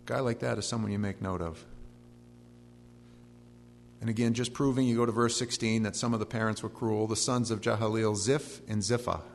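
A man's voice: lowish voice, fairly even intonation, a little fast, gravelly, long pauses. A middle-aged man preaching a verse-by-verse sermon. He reads long lists of names and breaks in with folksy, joking asides. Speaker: pastor. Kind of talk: expository sermon. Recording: long hall reverb with faint hum.

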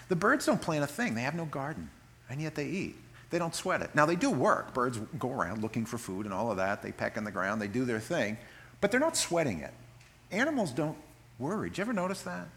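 Man, pastor, sermon, animated swooping delivery, folksy, joking asides, faint background hum. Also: mid-range voice. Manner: animated, reads scripture slowly and solemnly.

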